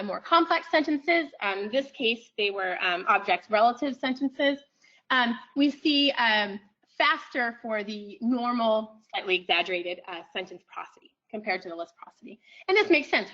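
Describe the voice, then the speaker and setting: A woman giving an academic lecture in a room, pausing often with ums and restarting her phrases. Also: fairly high pitch, sharp tone, highs cut off. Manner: frequent ums, thoughtful restarts.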